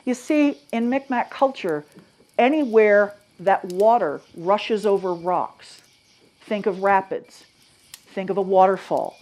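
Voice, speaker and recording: Dramatic woman storyteller, hushed then lively. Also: medium pitch, takes it slowly. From Maine. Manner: dramatic, swings from hushed to loud and animated; asks the audience questions. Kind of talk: live storytelling to an audience.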